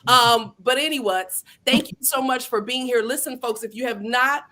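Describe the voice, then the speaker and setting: Lively middle-aged woman host, fairly high pitch, playful and chatty with the audience. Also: moderate pace, a little hiss or hum. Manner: lively, playful, talks straight to viewers. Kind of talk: casual livestream interview.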